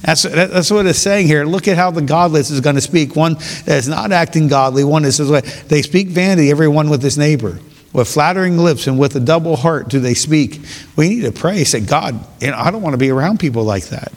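A man's voice: a little high, fairly quick, in a large hall. A man preaching a sermon in an earnest way, often restarting and repeating his phrases.

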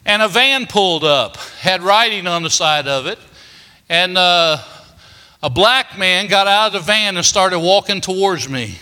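An older man, his voice high and very bright. He tells stories in a folksy, homespun way, with many "uh" fillers. His words ring with the long reverb of a big church hall. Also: animated, measured pace, smooth. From Kentucky, United States. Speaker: preacher. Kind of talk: storytelling sermon.

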